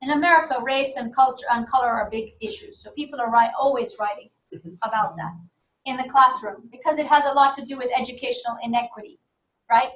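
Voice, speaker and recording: A woman's voice: fairly high pitch, fairly quick, fairly bright tone. A woman lecturer teaching a university class, talking in loose, self-correcting sentences and checking in with "okay?". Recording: roomy classroom audio from a distance.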